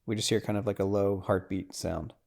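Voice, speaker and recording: A man hosting a podcast, casually recapping a film scene by scene, with lots of "like" and "right?", dropping to a hush for tense moments. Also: fairly low pitch, steady tone, a little fast, creaky. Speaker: podcast host.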